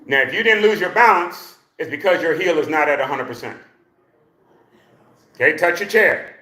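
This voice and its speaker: A man leading a live exercise class for seniors, counting reps loudly, joking and coaxing the class along. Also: on the high side, animated, normal speed. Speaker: senior fitness instructor. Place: exercise room. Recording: echoey room.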